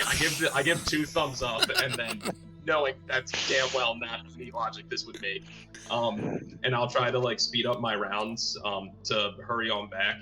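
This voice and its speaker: A man's voice: mid-range voice, fairly even intonation, moderate pace, over music. A man playing a tabletop role-playing game, talking casually with lots of fillers. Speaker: player.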